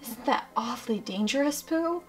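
Woman doing a tiny nervous piglet for a storybook: high, shaky, stammers on worried questions. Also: lively intonation, normal speed, soft background music, close to an everyday voice. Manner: stammering, anxious. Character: small timid male piglet, nervous. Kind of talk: storybook reading.

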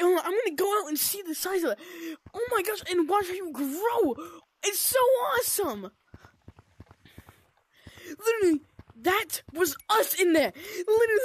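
A woman giving excited gameplay commentary, gushing and squealing, with "oh my gosh" and "dude" constantly. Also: extremely high pitch. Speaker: gaming video creator.

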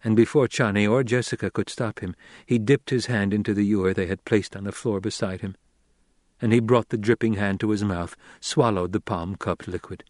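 A man narrating an audiobook in a measured storytelling voice on a close mic. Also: lowish voice, darkish tone, dry recording. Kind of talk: scripted narration.

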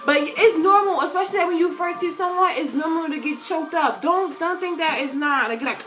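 A young woman chatting casually to her webcam, slangy and animated, often breaking into loud quoted voices. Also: extremely high pitch, fairly quick, few pauses, soft background music. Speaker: vlogger answering viewer questions. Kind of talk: casual chat to camera.

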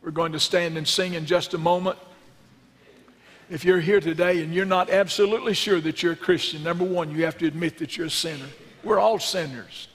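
A male pastor preaching a sermon and leading a closing prayer in a church, earnest in his storytelling and hushed in prayer. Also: fairly high pitch, fairly even intonation, brisk. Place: church sanctuary. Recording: long reverb in a church sanctuary.

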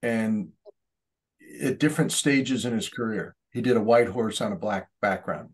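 A man's voice: fairly low pitch, normal speed, slightly rough. A man chatting casually on a video call while painting, rambling and correcting himself. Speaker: artist painting during a group session.

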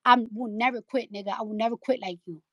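A woman's voice: a little high, quick pace, fairly bright tone, dry recording. A woman delivering a heated, profane rant on a live audio chat, repeating lines for emphasis into a phone mic. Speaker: rapper hosting a live audio chat room. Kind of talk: angry live-stream rant.

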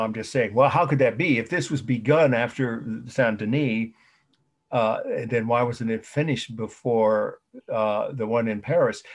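A man's voice: lowish voice, husky. A middle-aged man giving a college art history lecture, repeating his points and thinking aloud with fillers.

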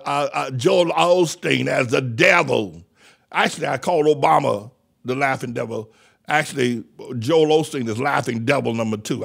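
An older man preaching a fiery sermon as pastor, shouting, mocking and repeating phrases over and over. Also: medium pitch, vocal fry. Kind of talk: fiery street-style sermon.

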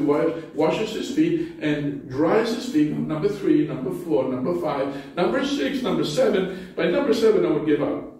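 A male pastor preaching in a church, chatting through his stories with a touch of self-mockery. His voice sits a little high and comes from some way off the mic. The big, reverberant sanctuary makes him sound very echoey, with a faint hiss of room noise underneath. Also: a little mellow. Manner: conversational storytelling, self-deprecating humor. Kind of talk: sermon. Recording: very echoey hall, distant mic.

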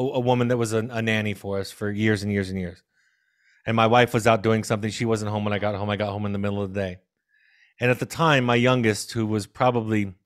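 A man in his fifties, a parenting expert, telling a gentle, reflective story during a video call Q&A. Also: fairly low pitch. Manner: reflective, gentle, with frequent restarts. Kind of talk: storytelling answer in a Q&A.

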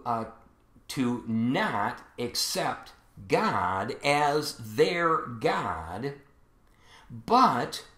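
A man's voice: mid-range voice, a bit bright, echoey room. A man preaching a sermon as pastor, explaining scripture with some fillers and restarts, and reading verses aloud with rising emphasis.

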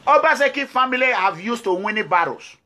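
A man with a Nigerian accent speaks in a high, bright, forceful voice. He gives a fiery, defiant address to his followers and hammers home his points with repeated declarations. It has the sound of an activist's impassioned video message. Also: animated, fairly quick. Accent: Nigerian English. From Nigeria (Edo State).

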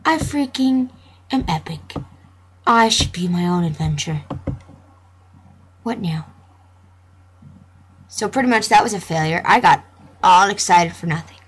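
A woman's voice: lowish voice, expressive, a little slow, long pauses, breathy edge. A young woman playfully commentating a computer game, joking and reading the dialogue aloud. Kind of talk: gameplay commentary.

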